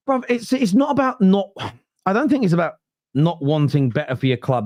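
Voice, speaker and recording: Animated man chatting football. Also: brisk, no echo. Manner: animated storyteller, often rising in pitch when worked up. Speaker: podcast host reading chat comments. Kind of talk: casual football fan chat.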